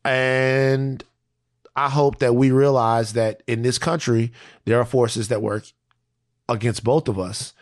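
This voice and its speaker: A man's voice: medium pitch, fairly even intonation, takes it slowly. A man co-hosting a podcast, talking earnestly and thinking aloud in casual chat. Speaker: podcast co-host.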